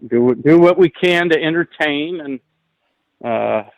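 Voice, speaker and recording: A man from New Jersey, a musician guest in a casual interview, talking in a relaxed, rambling way with many fillers. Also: fairly high pitch, slow, no echo, low-quality recording. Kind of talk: casual interview over the line.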